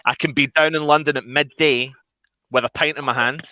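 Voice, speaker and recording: Bright-voiced man full of restarts. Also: a little high, steady tone, a little fast, slight background noise. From Scotland. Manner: effusive, repeats words, many restarts. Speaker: guest on a fan livestream. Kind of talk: casual chat.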